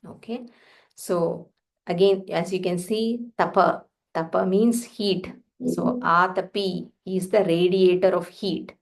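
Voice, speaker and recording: A woman teaching Sanskrit chanting, slowly spelling out sounds with soft fillers. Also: fairly low pitch. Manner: slow careful pronunciation drills with fillers.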